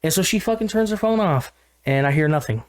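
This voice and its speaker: Animated, profane man telling a story. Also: a little high, a little fast. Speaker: podcast co-host. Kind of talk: casual storytelling.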